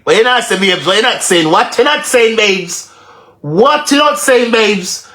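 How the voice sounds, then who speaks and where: A man with a high voice and a Jamaican accent talks on a live stream. He rambles in patois, circling back over the same phrases with dramatic flair. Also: animated, measured pace, sharp tone.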